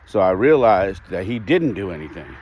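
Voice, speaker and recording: A man's voice: low voice, sing-song, moderate pace, breathy edge, lo-fi sound. A man hosting a podcast, telling a personal story candidly and reflectively, with restarts and the odd sigh. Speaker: podcast host.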